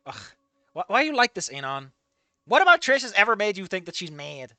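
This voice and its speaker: Male fic reader, high and lively, irreverent comedic commentary between passages. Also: dry recording. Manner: animated, swears freely, quick to laugh at the text. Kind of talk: dramatic reading with comedic asides.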